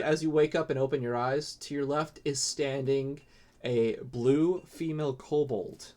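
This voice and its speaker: A man narrating as game master, relaxed and casual with frequent fillers. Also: mid-range voice, measured pace.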